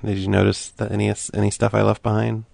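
A man making prank phone calls, keeping an innocent, deadpan tone while needling the people he calls. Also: fairly low pitch, fast, vocal fry, no room sound. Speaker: prank caller.

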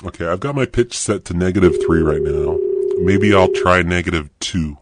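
A man live-streaming prank calls with his voice pitched down by a voice changer, talking crudely and mocking as he reads the chat. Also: moderate pace, heavy background noise. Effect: pitch-lowering voice changer. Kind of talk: prank-call livestream chat.

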